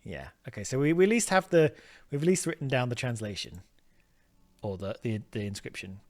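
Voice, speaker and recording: Chatty gamer thinking aloud. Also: male voice, medium pitch, animated, brisk. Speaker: let's play host. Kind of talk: casual game commentary.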